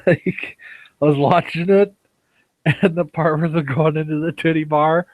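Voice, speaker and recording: A man's voice: fairly high pitch, fairly even intonation, a little slow, no room sound. A young man from Minnesota joking around casually in a voice chat, cursing now and then.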